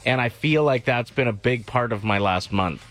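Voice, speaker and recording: A man's voice: mid-range voice, normal speed, fairly bright tone, soft background music. A man co-hosting a morning radio show, joking easily and laughing often in casual banter. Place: radio studio. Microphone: studio microphone.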